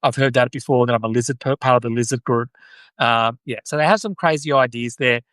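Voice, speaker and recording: A man's voice: medium pitch, fairly quick, fairly bright tone, no echo. An Australian man hosting a casual live-stream chat, talking in an earnest, rambling way. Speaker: podcast host.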